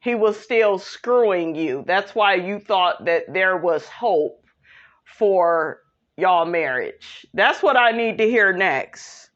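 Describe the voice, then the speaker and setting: A sassy, opinionated young woman talks through a reality show recap in an unhurried, drawn-out way. She keeps calling her listeners "honey." The sound is dull and lo-fi, like a simple home setup. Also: fairly low pitch, lively intonation, a bit bright. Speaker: recap host. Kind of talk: casual TV recap commentary.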